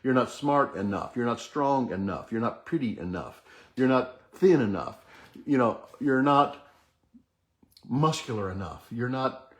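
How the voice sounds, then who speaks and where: A man's voice: mid-range voice, lively intonation, measured pace. A middle-aged man hosting a motivational talk, earnestly leading the listener through repeated affirmations. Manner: earnest, repetitive chanting of affirmations. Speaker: host.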